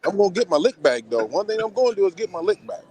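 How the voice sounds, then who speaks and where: A man joining a casual livestream chat as a guest, telling an animated story and repeating the same filler question over and over. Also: high voice, racing, slight background noise.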